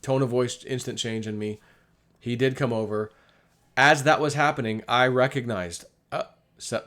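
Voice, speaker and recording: A man's voice: mid-range voice, normal speed, a bit bright. A middle-aged man talking casually about his life in a rambling, confessional monologue, often acting out what people said. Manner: rambling, confessional, acts out quoted dialogue. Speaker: vlogger.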